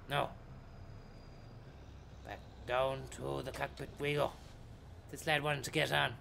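Gravelly, bright-voiced Irish man bantering. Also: on the high side, slight background noise. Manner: chatty, teasing, repetitive catchphrases. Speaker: streamer playing a bus driver. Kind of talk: comedic live-stream banter.

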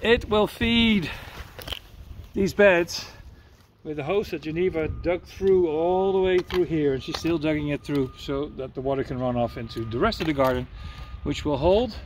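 A man's voice: fairly high pitch, moderate pace, slight background noise. A man, out of breath, giving a cheerful, chatty video tour of a garden outdoors, recorded on a handheld phone. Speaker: foundation director giving a site tour.

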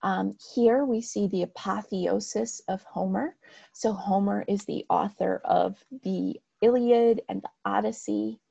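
Woman, art history lecturer, mellow dark voice, husky, explanatory. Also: medium pitch, steady tone, unhurried, dull audio. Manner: explanatory, frequent "um" and "right". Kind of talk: recorded slide lecture.

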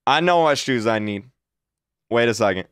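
A man in his twenties hosting a casual reaction video, excitable and repetitive, often breaking into high-pitched shouts. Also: moderate pace, clear, resonant tone, no room sound, studio quality. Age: 20s. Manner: excitable, repeats himself, bursts into high shouts.

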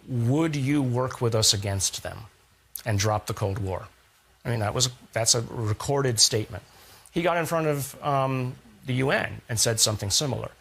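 A man's voice: mid-range voice, a bit bright. A man being interviewed as a scientist guest, explaining ideas through analogies and rhetorical questions in a thoughtful, conversational way.

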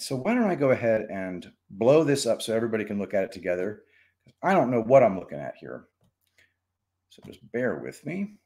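Rambling, animated male streamer. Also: fairly low pitch. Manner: rambling, opinionated, animated, swears, frequent restarts. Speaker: streamer host reading chat. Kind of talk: casual live-stream chat.

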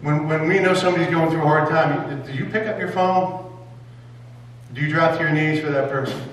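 A man's voice: fairly high pitch, a little fast. A man preaching a sermon as pastor in a church sanctuary, emphatic and firing rhetorical questions at his congregation. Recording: echoey hall, mic far off, faint hum.

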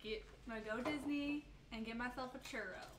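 A woman's voice: fairly high pitch, fairly quick, a loud crowd. A woman from Chicago hosting a livestream, chatting casually and reading out chat messages while cooking. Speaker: livestream host. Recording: echoey room with noticeable noise.

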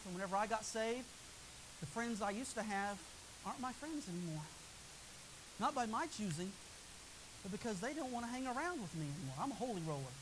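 High-voiced male preacher, soaring and hushed. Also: a little hiss or hum, low-quality recording. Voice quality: high-pitched voice often taken for a woman's. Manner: swings from soaring high shouts to hushed low asides. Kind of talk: revival sermon.

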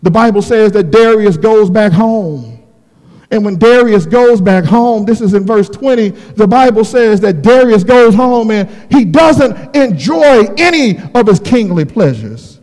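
A man preaching a sermon, telling a Bible story with dramatic, shouted climaxes. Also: sits high, animated, unhurried. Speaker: pastor. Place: church sanctuary. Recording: long hall reverb.

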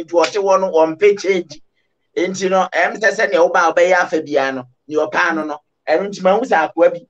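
A man's voice: sits high, muffled recording. A Ghanaian man on a talk show, telling a long story in Twi with English words mixed in. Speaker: panelist.

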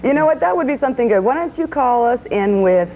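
A chatty female DJ trading banter on morning radio, giggling and filling gaps with "um." Her voice sits a touch higher than most, with a faint hiss behind it. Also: lively intonation, phone-quality sound. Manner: chatty, giggly, fills pauses with um. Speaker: radio co-host, DJ.

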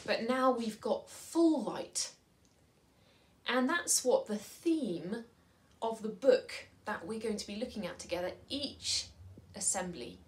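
A woman leading a school assembly for children, reading from a storybook and talking in a gentle, measured way that often drops to a soft whisper. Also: medium pitch, a little hiss or hum, low-quality recording.

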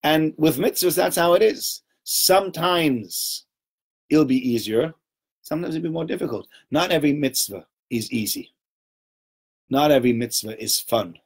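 A man giving an informal Torah talk to a small group, conversational and animated, often checking in with "right?" and acting out little voices. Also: on the high side, moderate pace, husky. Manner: acts out little voices and sounds while telling stories.

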